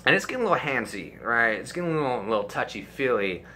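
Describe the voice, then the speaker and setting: A young man with a sharp, bright voice tells a crude story in an animated, profanity-heavy storytime style. Faint room hiss sits under his voice. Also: mid-range voice, quick pace. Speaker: storytime YouTuber. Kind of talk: casual storytime.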